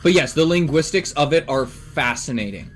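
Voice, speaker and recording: A man's voice: on the high side, animated, normal speed, a bit bright, faint music behind. A man from Canada streaming and chatting casually with his viewers, blunt and emphatic with plenty of swearing.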